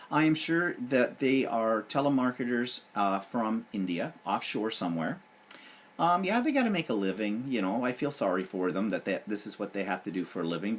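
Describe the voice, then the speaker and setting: Husky man ranting on his vlog. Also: lowish voice. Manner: sarcastic, animated griping. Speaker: vlog host. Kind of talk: casual vlog rant.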